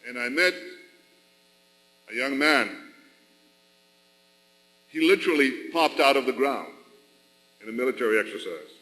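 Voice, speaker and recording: Man, from Israel, formal speech, emphatic repetition, slow delivery, long arena reverb. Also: mid-range voice, animated, pushed and bright. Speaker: national leader addressing a rally. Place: large arena.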